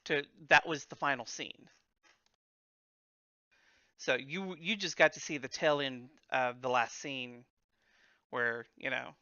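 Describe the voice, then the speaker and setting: Brief: male game master, slow and bright, smooth clear tone, lo-fi dry recording. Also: mid-range voice, steady tone, dry recording. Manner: unhurried, with frequent fillers and restarts. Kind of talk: narrating a tabletop game.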